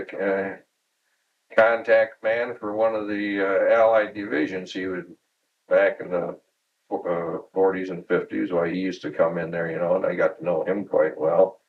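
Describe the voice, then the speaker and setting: A man's voice: lowish voice, steady tone, normal speed, distant mic, phone-quality sound, a little hiss or hum. A man in his sixties from Michigan, recalling workplace anecdotes at home in an oral history interview, chuckling and acting out quoted dialogue. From Michigan, USA. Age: 60s. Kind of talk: storytelling reminiscence.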